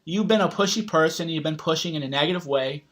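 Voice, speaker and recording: A self-help author and vlogger delivers a blunt motivational talk in a slightly high, fairly bright voice at a fast clip. He swears heavily, uses casual slang, and rambles through his points, frequently tossing in "right?"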